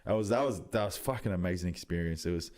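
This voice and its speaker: Deep-voiced young Australian man, casual yarn. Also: quick pace, a little mellow. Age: 20s. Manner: loose storytelling, heavy swearing, many ums. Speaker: podcast guest, rugby league player. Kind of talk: casual podcast chat.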